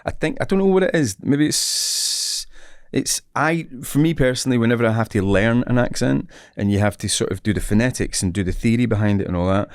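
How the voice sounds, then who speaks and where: A middle-aged Scottish man telling stories in casual chat, animated, acting out other people's voices and laughing often. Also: medium pitch, fairly quick, clear, resonant tone, no room sound, clean studio sound. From Scotland. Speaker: actor guest.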